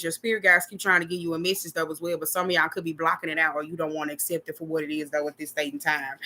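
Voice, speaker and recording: A young woman giving a casual tarot reading, talking in a loose, slangy, profane way with lots of repeated filler phrases and quick acted-out quotes. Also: lowish voice, bright, forceful tone. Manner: drops into quick acted-out quotes of imagined people. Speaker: tarot reader.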